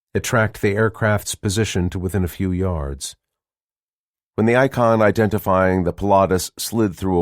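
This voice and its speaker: The narrator is a man with a deep voice reading an audiobook script. His delivery is even and measured like a storyteller's, captured in clean studio sound with no echo.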